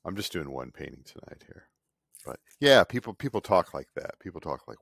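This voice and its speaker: Fifties male artist, low voice, lively swings, sarcastic ramble; dry, close sound. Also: a little fast, gravelly, dry recording. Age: 50s. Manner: cranky, sarcastic, mocking others in put-on voices. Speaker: artist vlogger. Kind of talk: casual rambling monologue. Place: home studio.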